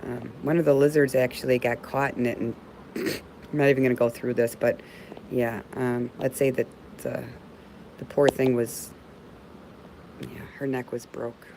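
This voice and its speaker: A woman's voice: extremely low pitch, flat delivery, measured pace, vocal fry, long pauses, noisy background. A middle-aged woman chatting on a livestream, answering viewer comments and calling them babe. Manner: warm, heartfelt, calls viewers babe. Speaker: livestream host. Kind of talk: casual livestream chat reading viewer comments.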